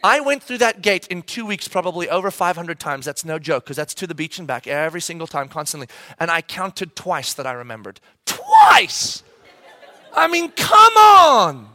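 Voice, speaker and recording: A man's voice: on the high side, fairly quick, hardly any pauses, dry recording. A man in his thirties preaching a sermon, telling a funny family story and acting out his kids' voices. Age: 30s. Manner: animated, acts out voices of his kids. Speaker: pastor.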